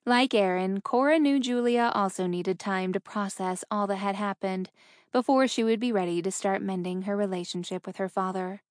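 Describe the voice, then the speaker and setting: A woman reads a novel aloud in steady, measured narration. Her pitch sits in the middle, and the recording is close and dry. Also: no room sound. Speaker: audiobook narrator. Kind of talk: scripted audiobook narration.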